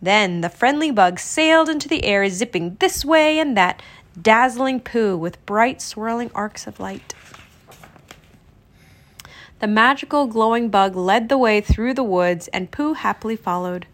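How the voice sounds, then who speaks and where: A woman narrating a children's storybook read-aloud in an expressive, storytelling manner. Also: on the high side, measured pace.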